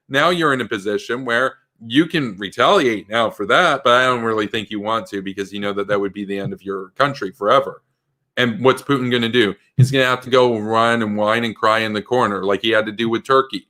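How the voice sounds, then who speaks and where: A male political commentator delivering a fiery monologue, emphatic and combative, firing off rhetorical questions. His voice is bright and forceful at a middle pitch. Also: brisk.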